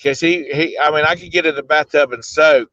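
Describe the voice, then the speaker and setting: A man co-hosting a live show, chatting casually over a video call, rambling through stories with frequent "uh" pauses. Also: on the high side, fairly even intonation, bright, forceful tone, no echo. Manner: easygoing storyteller, rambles with "uh" pauses. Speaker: co-host of a daily live show. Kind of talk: casual chat. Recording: dull lo-fi video call audio.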